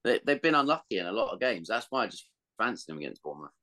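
A man co-hosting a football podcast, chatting casually and expressively, with some swearing. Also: racing. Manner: expressive, swearing, swings up and down in pitch. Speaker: podcast co-host.

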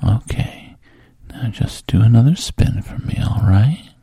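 A man voicing a smooth-talking, pushy young fraternity guy in a whispered role-play, coaxing and calling the listener pet names. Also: medium pitch, expressive, measured pace, warm tone, dry recording, clean studio sound. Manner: coaxing, calls the listener baby and sweetheart.

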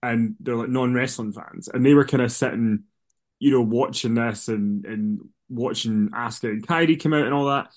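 A man's voice: mid-range voice, moderate pace. A man co-hosting a wrestling podcast in casual chat, rambling, with frequent restarts. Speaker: podcast co-host.

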